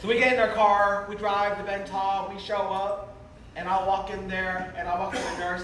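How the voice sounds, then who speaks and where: A man preaching a revival testimony, telling his story in an animated way and acting out the other people's voices. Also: sits high, moderate pace, noisy background. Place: large revival meeting hall. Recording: echoey hall, from far off.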